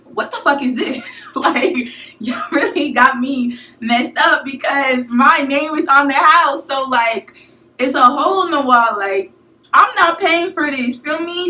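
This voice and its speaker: Bright, animated young woman in an echoey room. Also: high voice. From St. Louis, USA. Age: young adult. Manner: animated, slangy, addresses viewers as y'all. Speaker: vlogger telling a story. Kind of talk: casual storytime. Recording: echoey room, mic at a distance.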